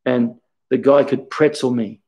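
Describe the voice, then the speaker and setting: A man's voice: medium pitch, fairly even intonation, unhurried, darkish tone, husky, poor audio. A man, a karate instructor talking casually in an interview, telling stories in an earnest, reflective way.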